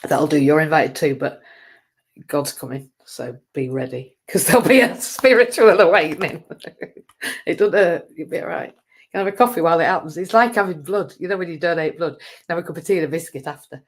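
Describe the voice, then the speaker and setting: A woman's voice: low voice, brisk. A woman hosting a live stream, rambling through a casual monologue in a chatty, self-mocking way and laughing often.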